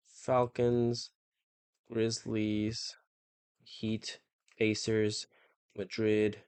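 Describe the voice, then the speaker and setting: A man's voice: lowish voice, a little mellow, no echo. A young man streaming himself taking a football quiz, muttering to himself and swearing when he gets stuck. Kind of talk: live-stream quiz commentary.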